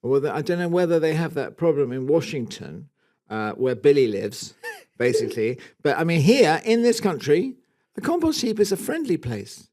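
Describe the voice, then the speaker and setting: A man's voice: a little high, lively intonation, moderate pace, darkish tone. A man with a Scottish accent co-hosting a gardening podcast, chatting casually, with asides and restarts. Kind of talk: casual chat.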